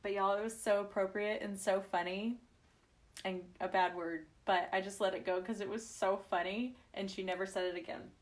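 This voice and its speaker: A woman's voice: medium pitch, steady tone, moderate pace. A woman talks to her viewers during a live craft session. She is chatty and affectionate, telling family stories and laughing through them. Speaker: craft livestream host. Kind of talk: casual craft livestream chat.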